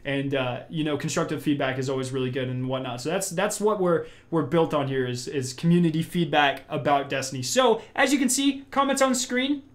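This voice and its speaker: A young man hosts a casual gaming podcast live from home. His voice sits a bit high, and he rambles upbeat with frequent restarts. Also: a little fast, few pauses. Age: young adult. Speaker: podcast host.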